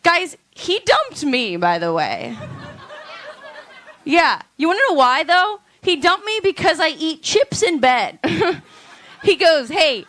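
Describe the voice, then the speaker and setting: A woman doing a stand-up comedy set on a club stage, with deadpan, drawn-out punchlines. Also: extremely high pitch.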